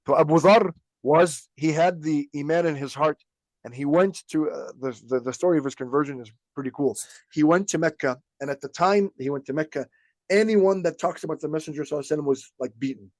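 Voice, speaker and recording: A man teaches religious history on his podcast in a loose, chatty storytelling style. He acts out the quotes of the people in his stories and laughs often. His voice sits a little high, and the recording is close and dry. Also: fast talker, darkish tone, no room sound. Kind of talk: informal religious lesson.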